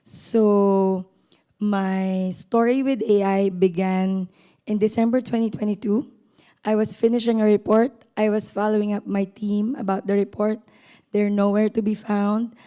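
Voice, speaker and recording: A woman from the Philippines speaks on a panel with a hoarse, mellow, darker voice. She talks earnestly and repeats her main points. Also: mid-range voice, flat delivery, measured pace. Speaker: panel guest. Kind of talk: panel self-introduction.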